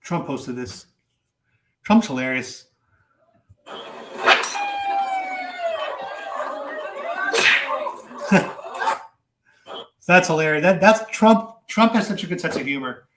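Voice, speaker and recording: A man giving casual political commentary to his viewers, animated and chatty with many fillers and repeats. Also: fairly high pitch, normal speed, roomy sound, noisy background.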